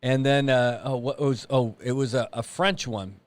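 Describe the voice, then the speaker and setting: A man's voice: mid-range voice, steady tone, moderate pace, dry recording. A middle-aged man co-hosting a casual talk show, telling playful family anecdotes and often chuckling. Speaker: podcast co-host. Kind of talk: casual chat.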